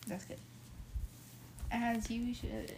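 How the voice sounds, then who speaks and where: A woman's voice: fairly high pitch, little pitch movement, very slow, vocal fry, noisy background. A teenage girl chatting casually with a friend, hesitant and giggly. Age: teens. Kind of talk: casual chat between friends.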